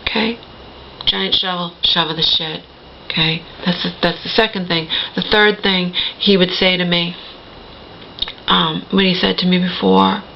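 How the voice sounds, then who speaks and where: A woman's voice: on the low side, steady tone, measured pace, creaky, dull audio, slight background noise. A middle-aged woman telling a personal story to the camera in a rambling, emphatic way, often checking in with "okay?". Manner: rambling, emphatic, repeats "okay?" and self-corrects. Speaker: vlogger.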